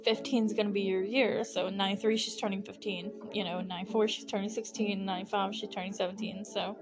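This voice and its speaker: Woman podcast host, young adult, mid-pitched, loose and chatty, laughs often, casual recap delivery. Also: little pitch movement, fast talker, music in the background. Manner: chatty, lots of fillers and frequent laughter.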